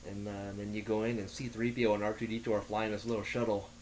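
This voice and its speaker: A man chatting on a talk show, telling long stories with many halting restarts. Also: fairly low pitch, level tone, a little mellow, slight background noise. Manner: rambling storyteller, halting restarts. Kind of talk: casual podcast chat.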